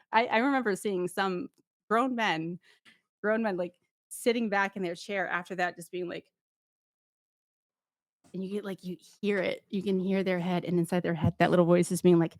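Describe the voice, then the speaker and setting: A woman guest, a former paramedic, talking casually in an interview, telling lively stories with acted-out voices and frequent laughs. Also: fairly low pitch, normal speed, no echo, studio quality. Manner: animated storyteller who acts out voices and laughs often.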